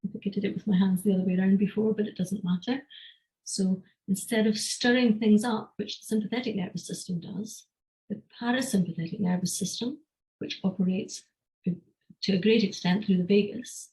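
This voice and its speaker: A woman teaching a live online class, calmly explaining and guiding a breathing exercise. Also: mid-range voice, rough recording. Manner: calm, measured explanation. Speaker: energy health teacher. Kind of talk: online lecture with guided breathing.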